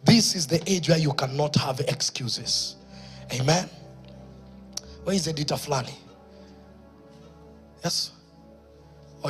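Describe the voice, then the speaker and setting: A Kenyan-accented pastor preaches a sermon in church, shifting from quiet storytelling to loud exhortation. His voice sits a little high.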